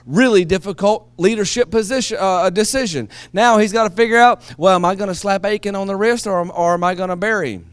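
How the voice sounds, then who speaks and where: A man preaching a sermon, moving between quiet, low asides and loud, shouted passages. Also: clean tone, no echo. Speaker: pastor.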